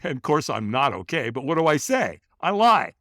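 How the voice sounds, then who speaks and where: Animated storytelling man, lively pitch. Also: moderate pace, no room sound, studio quality. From California. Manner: animated, acts out other people's lines with bursts of pitch and volume. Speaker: podcast guest, company founder. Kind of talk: dramatic personal storytelling in a podcast interview.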